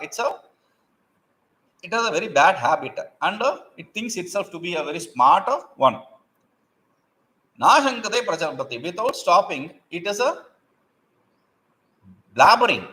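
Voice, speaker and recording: A man teaching a Sanskrit text, reciting verses aloud and explaining them line by line with many pauses and fillers. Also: poor audio. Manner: recites verses loudly, then explains in a lower voice; frequent fillers and self-corrections.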